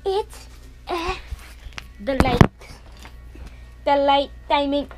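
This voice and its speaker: Young woman vlogger, slow and playful, lively pitch, music bed under the voice. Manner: playful, jokey, swings between loud and whispering. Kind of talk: casual vlog. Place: at home, partly outdoors. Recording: music playing clearly behind.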